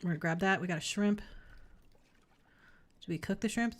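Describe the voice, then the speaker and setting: Her voice is fairly low and her pace moderate as she streams a puzzle game in casual let's-play style. She thinks aloud, chats, and swears now and then, over faint game music and slight background noise.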